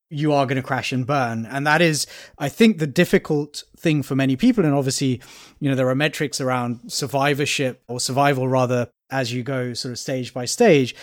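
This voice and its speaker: A man hosting a podcast, explaining his points in a measured way. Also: medium pitch, no echo, studio quality. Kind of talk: podcast conversation.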